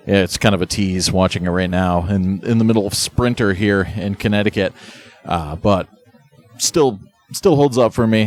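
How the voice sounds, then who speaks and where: A man co-hosting a podcast in casual banter, enthusiastic and playfully combative about films. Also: deep voice. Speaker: podcast co-host.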